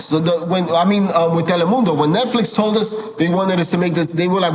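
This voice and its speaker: A man being interviewed as a director, telling animated stories, swearing casually and acting out what people said. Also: a little high, moderate pace, rough recording. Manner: animated, swears casually, acts out quoted dialogue. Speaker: film and TV director, guest.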